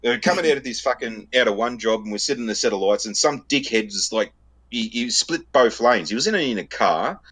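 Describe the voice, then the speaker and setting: A podcast co-host with an Australian accent shares crude tales in a relaxed chat, cursing freely and cracking himself up. His mid-range voice is expressive and brisk, with a fairly bright, slightly rough tone.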